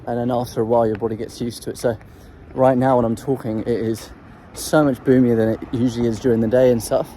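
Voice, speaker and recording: Mellow-voiced man rambling about singing. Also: medium pitch, little pitch movement, fast talker, hardly any pauses, a little hiss or hum, rough recording. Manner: rambling, hesitant, full of ums and restarts; demonstrates throat sounds while talking. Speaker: voice coach sharing singing tips. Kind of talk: casual explanatory vlog.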